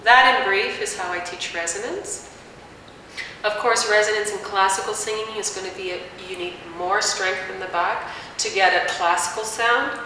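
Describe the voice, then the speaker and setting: A woman singing teacher calmly explaining vocal technique in plain words, with fillers. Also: mid-range voice, moderate pace. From Canada. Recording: echoey room, mic at a distance, faint hiss.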